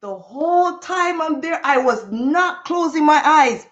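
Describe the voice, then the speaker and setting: A woman hosting a livestream, telling a story to her chat in an animated, expressive way with sound effects. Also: sits high, measured pace. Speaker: livestream host. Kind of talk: casual storytelling to a live chat.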